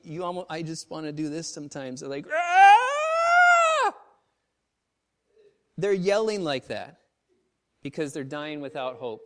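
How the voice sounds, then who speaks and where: A male missionary pastor delivers a sermon full of emotional storytelling, shifting between loud outbursts and quiet, low tones.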